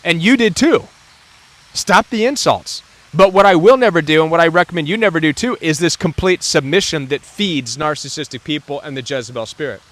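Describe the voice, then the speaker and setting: A man's voice: fairly high pitch, a little fast, fairly bright tone. A man hosting a talk about narcissistic abuse, speaking earnestly and emphatically, now and then acting out what others say. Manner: earnest, emphatic, acts out quoted voices. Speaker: host.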